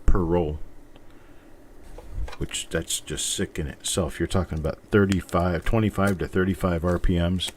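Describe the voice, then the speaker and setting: A middle-aged man hosts a casual live stream, rambling and thinking aloud as he talks. His voice is very deep and mellow, with a faint hiss of noise behind it. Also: fairly even intonation, normal speed. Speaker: host.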